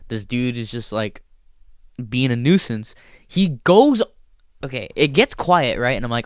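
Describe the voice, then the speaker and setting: A man's voice: mid-range voice, unhurried, dry recording, studio quality. Profane, rambling male comedian. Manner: profane, rambling, animated storyteller. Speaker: stand-up comedian and show host. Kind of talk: casual storytelling chat.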